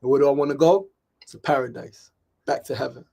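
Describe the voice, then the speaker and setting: On a motivational daily talk show, the middle-aged host from New York City talks fast in a dark, medium-pitched voice with vocal fry. He repeats himself, speaks with emphasis and often asks "right?".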